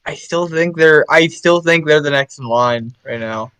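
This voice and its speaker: A man's voice: a little high, moderate pace, fairly bright tone, clear, resonant tone, no room sound. A man in a casual podcast chat, giving blunt opinions and swearing casually.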